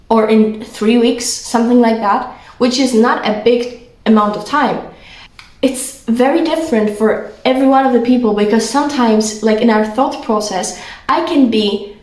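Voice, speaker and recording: A young woman with a Polish accent talks through a casual vlog in earnest, rambling bursts thick with fillers. Her voice sits a little high. The room around her is echoey. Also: a little mellow. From Poland. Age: young adult. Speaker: vlogger. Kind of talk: casual monologue.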